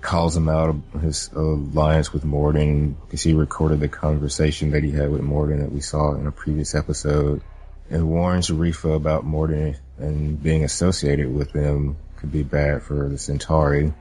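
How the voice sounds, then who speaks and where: A man's voice: a bass voice, completely flat delivery, normal speed, mellow, husky. A man recapping events in a fan discussion, in a plain, matter-of-fact way.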